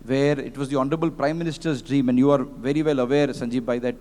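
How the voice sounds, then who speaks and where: Indian guy on a conference panel, talks really fast, tells stories and drops in hindi, long hall echo. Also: mid-range voice. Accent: Indian English. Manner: animated storyteller who mixes in Hindi phrases. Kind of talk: conference panel talk with anecdotes. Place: large convention hall.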